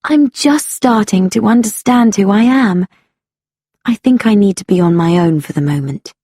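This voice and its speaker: A woman voicing a young woman artist turned cat heroine in a slow storybook reading for learners, earnest and plain. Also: mid-range voice, dark tone, breathy edge, no room sound, clean studio sound, close to an everyday voice. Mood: gentle.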